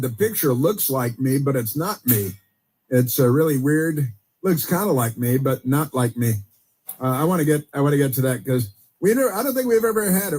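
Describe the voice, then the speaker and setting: Husky-voiced man hosting a rambling talk show. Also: on the high side, a little mellow. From United States. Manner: sarcastic, rambling with many fillers and restarts. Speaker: podcast host. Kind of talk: casual commentary.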